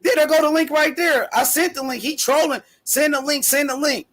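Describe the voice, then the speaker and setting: Very high-voiced man talking trash. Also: fairly even intonation, a little fast. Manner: loud, profane trash talk. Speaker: host. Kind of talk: casual boxing talk stream.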